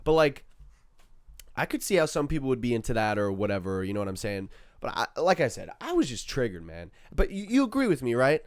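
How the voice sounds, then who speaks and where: Young man, podcast co-host, lively swooping voice, casual storytelling, swears, laughs. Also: mid-range voice, a little fast, no room sound, clean studio sound. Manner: animated storytelling, loud swearing and laughing bursts. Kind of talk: casual chat.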